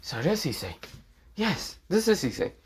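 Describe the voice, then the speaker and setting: A man's voice: on the high side, big pitch swings, moderate pace, husky, pitched above the performer's own voice, exaggerated voice. A man voicing a shy, timid young girl who speaks hesitantly.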